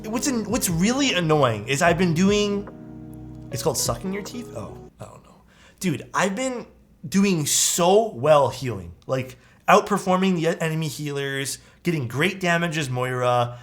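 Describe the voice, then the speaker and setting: Lively, swearing young male streamer. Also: on the high side, unhurried, faint music behind. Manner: animated, swears casually, calls viewers dude. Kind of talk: casual live-stream chat.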